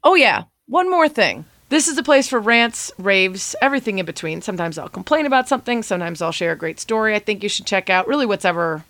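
A woman's voice: mid-range voice, lively intonation, quick pace, few pauses, a bit bright, dry recording. A woman in her thirties hosting her own podcast, talking in a chatty, self-deprecating and enthusiastic way. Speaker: podcast host. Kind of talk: casual solo podcast segment.

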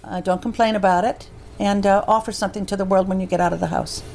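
A woman guest telling personal stories in a relaxed interview, animated and acting out the voices of the people she quotes. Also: mid-range voice, quick pace, vocal fry. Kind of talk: conversational storytelling. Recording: faint background noise.

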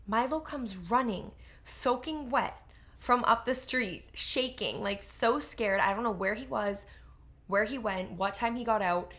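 A woman co-hosts a podcast and tells a story in a chatty, animated way. She fills her sentences with casual fillers and keeps the flow easy. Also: medium pitch, a little slow. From Boston area. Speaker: podcast co-host. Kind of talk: casual chat.

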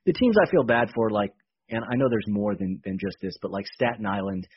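A man talking casually in a radio interview, animated and repeating words as he explains. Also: fairly low pitch, fairly quick, slightly rough, muffled recording. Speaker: baseball team executive guest.

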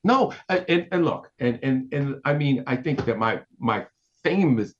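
An animated man spinning a story in casual talk, his husky voice leaping up and down in pitch. He acts out the lines of the people in it. The audio sounds a little dull. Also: unhurried. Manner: animated, acts out quotes with big pitch jumps. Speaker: guest, entertainment reporter.

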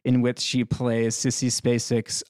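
A man's voice: mid-range voice, completely flat delivery, unhurried, a little mellow, smooth, no echo, clean studio sound. A man talking as a podcast guest in a casual film discussion, enthusiastic and chatty, laughing often.

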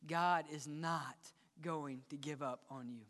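A male pastor preaching a sermon to his congregation, dropping to hushed whispers and rising to emphatic peaks, speaking to them directly. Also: a little high, a little slow, in a large hall. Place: church sanctuary.

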